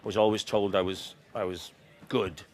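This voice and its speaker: A man's voice: fairly low pitch, level tone, normal speed. Welsh man, playful and self-mocking. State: slight sore throat. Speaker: author and comedian guest. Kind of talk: casual interview chat.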